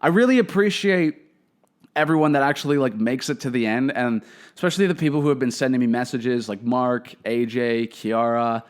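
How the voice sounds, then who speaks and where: A man's voice: medium pitch, brisk. A man hosting his own comedy podcast alone, delivering a profane, opinionated monologue into a podcast microphone. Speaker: podcast host.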